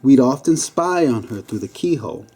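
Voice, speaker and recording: A man's voice: mid-range voice, expressive, moderate pace, warm tone. A man reading his own memoir aloud as an audiobook narration. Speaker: memoir reader.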